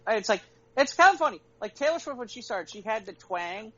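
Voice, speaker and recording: A man's voice: high voice, big pitch swings, fairly quick, bright, forceful tone. A man in casual podcast chat, emphatic and sarcastic, swearing now and then. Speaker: podcast co-host. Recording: lo-fi live stream with crowd noise.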